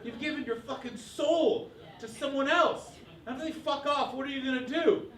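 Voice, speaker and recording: A man performing live stand-up comedy, energetic, jumping into loud mock voices. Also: very high-pitched, moderate pace, slight background noise. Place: comedy club stage. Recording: roomy live club sound, distant mic, loud crowd laughter. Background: audience laughing.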